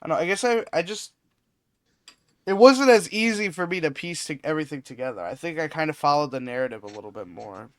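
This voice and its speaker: A man's voice: a little high, expressive, quick pace, dry recording. A man co-hosting a casual film podcast, easygoing and thinking aloud with hesitant restarts. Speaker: podcast co-host.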